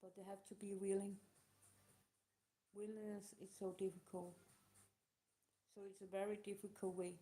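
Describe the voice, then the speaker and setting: Emotional woman answering questions, halting. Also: medium pitch, completely flat delivery, dark tone. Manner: halting, emotional, non-native phrasing. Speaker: live show host. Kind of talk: casual live talk answering questions.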